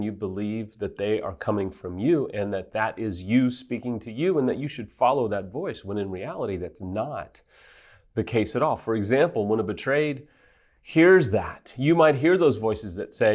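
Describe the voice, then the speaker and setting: A man's voice: lowish voice, expressive, normal speed, a little mellow. A man giving an earnest teaching talk as a recovery counselor, stressing his points in lists. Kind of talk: teaching monologue.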